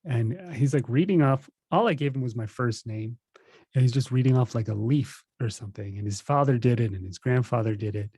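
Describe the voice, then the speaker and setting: A man in his thirties, a guest on a podcast, telling stories in a relaxed, self-laughing way. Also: mid-range voice, fairly quick, breathy edge, dry recording. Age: 30s. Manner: relaxed storytelling, laughs at himself. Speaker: podcast guest, meditation teacher. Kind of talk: casual interview chat.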